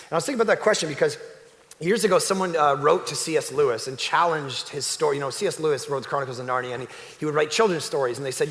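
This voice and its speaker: Animated pastor preaching in a reverberant hall. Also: male voice, a little high, rapid-fire. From Canada. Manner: animated, shifts from loud exclamations to hushed emphasis. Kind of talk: sermon. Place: church sanctuary.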